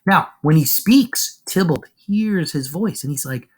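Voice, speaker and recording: A man's voice: fairly high pitch, a little slow, husky. A man explaining a classic play to a class in a casual, slangy way, jumping in and out of voices for the characters. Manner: animated and slangy, acts out lines.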